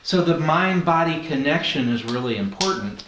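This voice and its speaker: A man's voice: on the high side, animated, moderate pace, reverberant, background noise. A man leading a training class, talking conversationally and asking the group questions. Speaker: NLP trainer. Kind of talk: classroom teaching.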